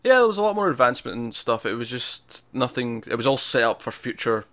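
A man's voice: mid-range voice, very animated, brisk, bright, forceful tone, no room sound. A man co-hosting a casual review chat, talking in an analytical way with lots of restarts. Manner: chatty, analytical, frequent restarts. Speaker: podcast co-host.

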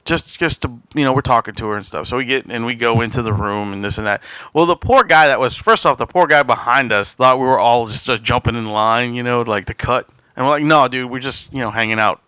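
A man's voice: medium pitch, a little fast, sharp tone, smooth, no room sound. A man hosting a podcast, telling a long casual story with frequent restarts and quoted asides. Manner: rambling anecdote with laughs and quoted asides. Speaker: podcast host.

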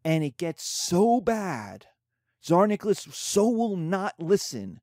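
Man giving a casual, animated history lecture. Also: high-pitched, takes it slowly, dry recording, clean studio sound. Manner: conversational, animated, with filler asides. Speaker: history teacher.

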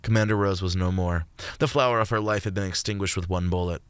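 Low-voiced man narrating a story. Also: steady tone, fast talker, clean tone, no echo. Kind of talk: first-person story narration. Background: faint music.

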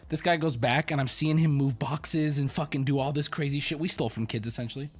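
A man's voice: on the high side, fast, hardly any pauses. A man livestreaming, telling a story as a profane, sarcastic rant. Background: faint background music.

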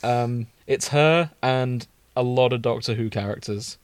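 A man hosting a casual chat podcast, easygoing and quick to laugh while he sets up a reading. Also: medium pitch, clean tone, dry recording. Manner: easygoing, giggly, organizing the reading. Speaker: podcast host.

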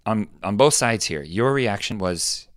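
A man with a low voice leads a casual conversation, explaining ideas step by step. He breaks into bright, exaggerated voices when he quotes someone. The sound is dry and close. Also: a little slow, dry recording. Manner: thoughtful, acts out quoted lines with lively pitch jumps. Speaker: podcast host.

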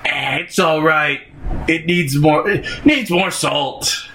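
A man's voice: on the high side, takes it slowly, noisy background, voice pushed up. Man doing a grumpy old lazy cartoon farmer, grumbling.

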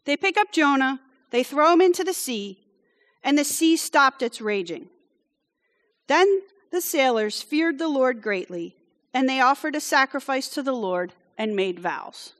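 High-voiced woman preaching in a reverberant hall. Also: lively intonation, measured pace, a bit bright. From France. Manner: chatty, with frequent "okay?" check-ins and wry asides. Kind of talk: conversational sermon storytelling.

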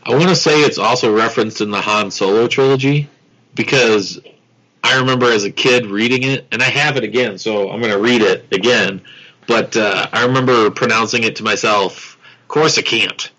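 A man's voice: on the low side, moderate pace, bright, forceful tone. A man co-hosting a casual podcast chat, telling stories in an easygoing way. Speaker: podcast co-host. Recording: dull lo-fi sound.

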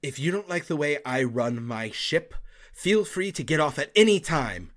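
A man's voice: fairly high pitch, expressive, moderate pace, fairly bright tone, pitched above the performer's own voice. A man voicing a bold female ship captain in a tabletop game, firm and commanding.

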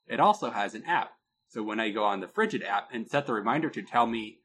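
A man co-hosting a casual podcast, telling a product story with a lot of pitch movement and laughing at his own jokes. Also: expressive, fast, a bit bright, a little hiss or hum. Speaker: podcast co-host.

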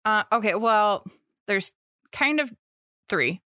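A woman's voice: medium pitch, expressive, takes it slowly, bright, forceful tone, no echo, studio quality. A young woman co-hosting a podcast, chatting casually with plenty of fillers and restarts. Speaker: podcast co-host. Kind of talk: casual chat.

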